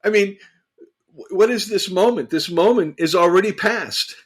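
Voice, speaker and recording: Animated man in a theology talk. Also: sits high, normal speed, slightly rough. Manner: animated, emphatic, repeats phrases for emphasis. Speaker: podcast co-host. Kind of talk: casual theological discussion.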